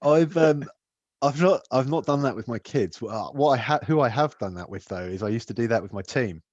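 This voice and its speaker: A man's voice: mid-range voice, expressive, fairly quick, darkish tone, no room sound, lo-fi sound. A man, co-hosting a podcast, talking in a laid-back, sweary way and laughing often. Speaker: podcast co-host. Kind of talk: casual chat.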